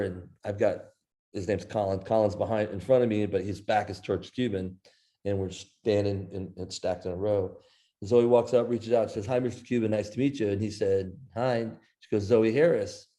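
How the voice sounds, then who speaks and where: Middle-aged guy from iowa telling a story on a podcast, fairly low mellow voice, acts out the other people's lines. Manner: animated anecdote teller, quoting others in his own voice. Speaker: guest author. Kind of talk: storytelling in an interview.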